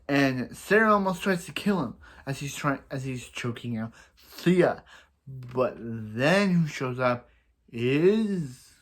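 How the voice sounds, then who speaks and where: Rambling young man recapping a TV episode. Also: medium pitch. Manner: rambling, repetitive, playful with sound effects. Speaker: TV episode reviewer.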